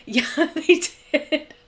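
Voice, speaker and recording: A young woman hosting a tarot live stream, talking casually and bubbly, laughing often and filling pauses with "um". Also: sits high. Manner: chatty, bubbly, laughs often, many fillers. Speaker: tarot channel host.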